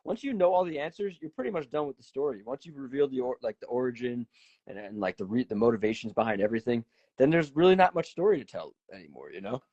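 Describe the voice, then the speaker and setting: A man hosting a casual chat, talking in an animated, profane, rambling way full of fillers. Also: medium pitch, quick pace, no echo, muffled recording. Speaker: host.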